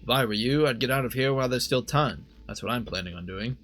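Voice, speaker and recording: A man's voice: medium pitch, fast talker, fairly bright tone, a little hiss or hum, lightly acted. A man voicing a nervous merchant in a fantasy game, hurrying through a confiding warning.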